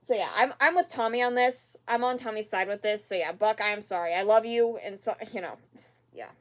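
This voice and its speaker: Rambling reaction host, sighs a lot. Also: female voice, mid-range voice, fairly quick. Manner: rambling, many fillers and repeats; exasperated, sighing at the screen. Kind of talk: casual reaction commentary.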